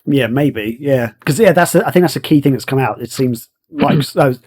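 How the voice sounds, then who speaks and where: A man's voice: medium pitch, fairly quick, a little mellow, breathy edge. A man with an English accent, hosting a casual podcast chat, rambling with many fillers. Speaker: podcast host.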